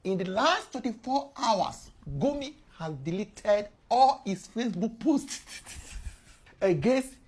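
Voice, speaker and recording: A Nigerian woman hosting a casual news explainer, telling the story in lively fashion with frequent chuckles. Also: a little high, takes it slowly, breathy edge. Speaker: host.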